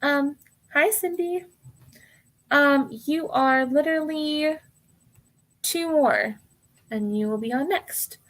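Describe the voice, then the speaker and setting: Hosting a live tarot stream, this American woman addresses viewers directly, her voice sitting a touch high. She takes things slowly with frequent pauses, staying casual and apologetic, laughing often and calling folks hon while going down her list.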